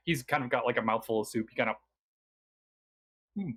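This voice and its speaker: Male game master, chatty, relaxed, mid-pitched voice. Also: brisk, breathy edge. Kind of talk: narrating a tabletop game.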